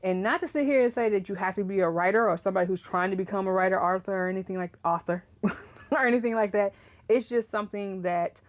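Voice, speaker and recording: A young woman chatting casually to camera about writing, animated and ranting, laughing often. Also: lowish voice. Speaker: writing vlogger.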